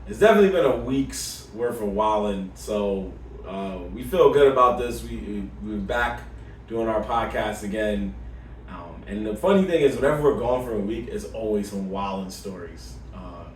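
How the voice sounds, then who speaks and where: Low-voiced man in an echoey room. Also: lively intonation, normal speed, far from the mic, a little hiss or hum. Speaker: podcast co-host. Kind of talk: casual chat.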